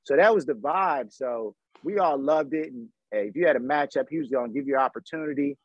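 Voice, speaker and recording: Former pro athlete guest, thirties, loose slangy storytelling, husky, dry close mic. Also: male voice, medium pitch, a little fast, no echo, muffled recording. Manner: animated, slangy storyteller acting out quoted dialogue. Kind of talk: casual interview storytelling.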